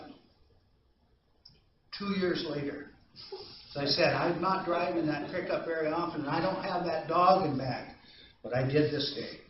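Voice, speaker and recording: A man's voice: fairly high pitch, noisy background. Man teaching anger training, echoey room. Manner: conversational storytelling, asks the audience questions. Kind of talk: training presentation to a live audience. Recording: distant echoey room recording, dull sound.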